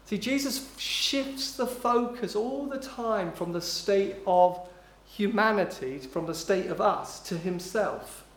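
A male preacher with a high voice delivers a sermon with emphasis. He stretches out key phrases and sinks low and soft for quotes. The sound carries a roomy echo from a church hall. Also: animated. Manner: emphatic, slowing down on key phrases, dropping low and quiet when quoting.

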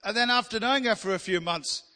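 A man's voice: high voice, fast, sharp tone, in a large hall. A man preaching a sermon in a chatty, joking way, teasing the congregation.

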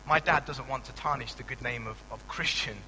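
A young pastor preaches in a chatty, animated way, stumbling over restarts and dropping playful asides. His voice is very bright and ringing, at a middle pitch for a man. A faint hum sits under the recording. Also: fairly quick, in a large hall, poor audio. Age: young adult. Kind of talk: sermon.

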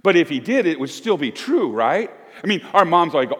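A man's voice: on the high side, big pitch swings, a little fast, few pauses, fairly bright tone, slightly rough, long reverb tail. A man in his fifties preaching as a pastor, folksy and emphatic, asking one question after another. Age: 50s. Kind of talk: sermon. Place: church.

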